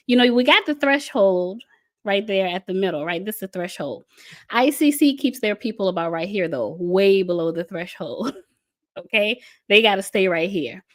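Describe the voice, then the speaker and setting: A woman talks with lively emphasis, repeating a point several times to drive it home. She explains things step by step with a diagram. Her tone stays casual, and now and then she slips into mocking voices. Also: mid-range voice. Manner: emphatic, breaks into laughs, repeats phrases for stress; casual, mock voices when quoting. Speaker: speaker on a panel about a church group. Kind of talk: animated talk explaining with a diagram.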